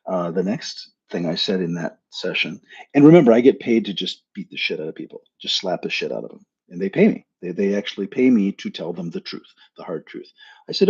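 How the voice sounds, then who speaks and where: A man's voice: sits low, very animated, fairly quick, a little mellow, husky. A man hosting a live stream as a spiritual coach, talking in a frank, blunt, casual way and swearing now and then. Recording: dull lo-fi sound.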